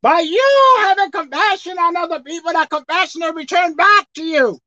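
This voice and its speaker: A woman pastor preaching a sermon, swinging from soft, quiet asides to shouted emphasis. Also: very high-pitched, moderate pace, no echo. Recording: dull dry sound.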